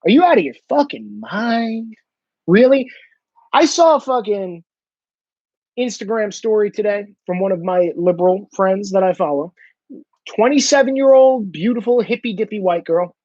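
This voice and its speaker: A man's voice: high-pitched, expressive, normal speed, darkish tone, no room sound. A man hosting a ranting commentary monologue, profane and mocking, with a slightly dull lo-fi sound. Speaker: host.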